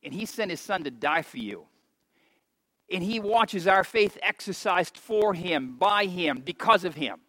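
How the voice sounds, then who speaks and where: A man in his fifties preaching an impassioned sermon in a church, swinging between soft, slow stretches and loud, emphatic repetitions. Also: sits high, expressive, no echo, rough recording. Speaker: pastor.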